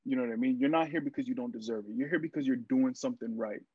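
A young man and actor, a podcast guest, telling stories in a casual interview, lively and full of fillers as he acts out what people said. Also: mid-range voice, very fast, husky, dry recording. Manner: animated storyteller, acts out quotes, many fillers. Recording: dry, muffled lo-fi sound.

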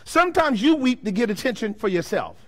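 Shifting from loud declarations to quiet, slow stretches, this pastor peppers his congregation with rhetorical questions in his sermon. His voice is extremely high-pitched and sing-song.

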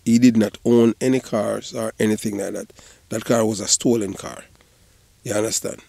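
A Jamaican man rambles through casual patois commentary in a low, gravelly voice. He keeps circling back with "you know" and "you understand". The sound is dry and close. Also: steady tone, normal speed, dark tone, no room sound. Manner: rambling, repeats "you know", bursts into laughter. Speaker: online commentator.

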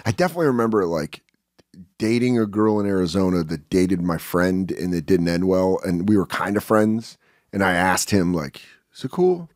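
Animated man in his forties telling stories. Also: deep voice, normal speed, no echo, studio quality. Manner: animated storyteller acting out other people's lines. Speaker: guest comedian. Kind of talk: casual podcast chat. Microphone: studio podcast mic.

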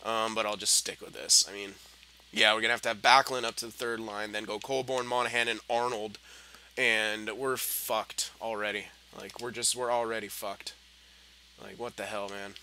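A young man giving gameplay commentary, frustrated and swearing, muttering low and then yelling at the game. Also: little pitch movement, moderate pace, a little hiss or hum. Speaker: gaming commentator.

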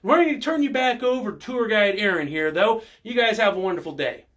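A man putting on an odd accent as a calm Sunday-school teacher, telling Bible stories to children in a kids church lesson. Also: fairly quick. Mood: storytelling. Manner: low, mellow storytelling.

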